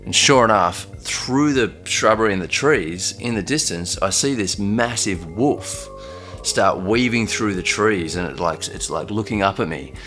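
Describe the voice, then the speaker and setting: A young man recounts his own experience in a relaxed, halting manner, with frequent fillers and restarts. His voice sits very low. Faint music plays underneath. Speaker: storyteller. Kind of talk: casual first-person storytelling.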